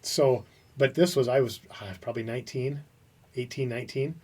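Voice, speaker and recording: A husky-voiced man in his fifties tells a story with animated energy, restarting his sentences as he goes. His voice sounds slightly distant from the microphone. He sounds like a casual podcast host. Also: mid-range voice, normal speed. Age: 50s. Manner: animated anecdote teller with many restarts.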